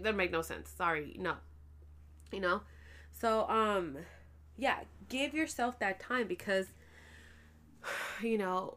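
Chatty, animated woman vlogger. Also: mid-range voice. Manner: animated, chatty, swears casually. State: pregnant and tired. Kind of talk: casual chat to camera.

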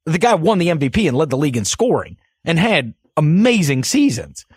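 Man, sports podcast co-host, husky voice, lively swings in pitch, dry close mic. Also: brisk, dry recording. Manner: animated, with loud put-on voices and laughter. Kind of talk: casual sports podcast chat.

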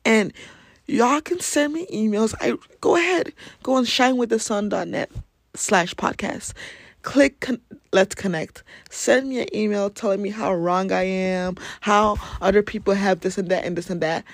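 A man's voice: high voice, unhurried, gravelly, dry recording. Blunt African-accented young man. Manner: blunt, emphatic, swears for emphasis. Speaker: podcast host. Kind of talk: motivational podcast monologue.

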